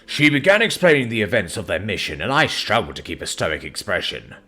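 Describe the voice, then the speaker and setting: A man's voice: on the low side, big pitch swings, a little fast, pushed and bright, faint music behind. A man narrating a fantasy story in the first person as an orc chief.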